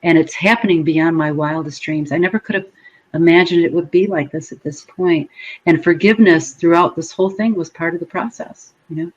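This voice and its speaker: A woman guest in an interview, telling her story in a lively way and acting out her own past words. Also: lowish voice, a little fast, husky, highs cut off.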